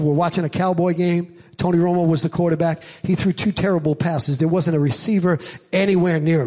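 A middle-aged man preaching a sermon as pastor, animated and climbing loud for emphasis. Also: sits high. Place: church.

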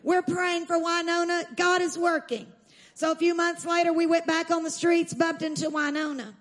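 A woman preacher telling a story in a sermon, emphatic and slowing down to stress key lines, calling on the audience to respond. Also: very high voice, little pitch movement. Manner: urges the audience to respond aloud.

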